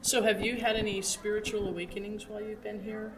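A woman's voice: medium pitch, little pitch movement, brisk. A woman interviewing conference attendees, encouraging and affirming. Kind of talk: casual interview questions. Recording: noisy crowd behind. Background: chattering crowd.

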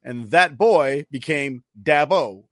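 A man's voice: a little high, animated, takes it slowly. A man with a New York accent co-hosting a podcast, asking the guest questions with eager laughs and stumbling starts. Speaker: podcast co-host. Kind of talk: casual interview chat.

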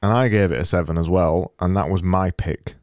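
Man, deep voice, dry close recording, casual podcast host. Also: steady tone, brisk, darkish tone, dry recording. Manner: chatty, teasing, repeats words. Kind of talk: casual chat.

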